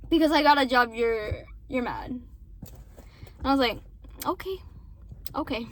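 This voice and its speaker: A young woman with a high voice talks straight to her viewers about an ex. She rambles, swears a lot and keeps saying sorry, slipping between quiet asides and louder outbursts. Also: normal speed. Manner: rambling, frequent swearing and apologies. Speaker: vlogger. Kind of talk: casual venting to viewers.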